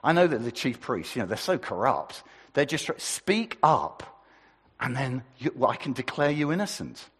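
A man voicing an exasperated Roman governor, coaxing and theatrical, with a husky voice. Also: mid-range voice, big pitch swings, normal speed, long reverb tail. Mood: pleading. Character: exasperated Roman governor, pleading then scheming.

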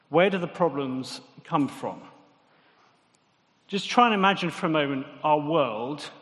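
A man's voice: fairly high pitch, in a large hall. A man preaching a sermon in a conversational way, often putting questions to the congregation.

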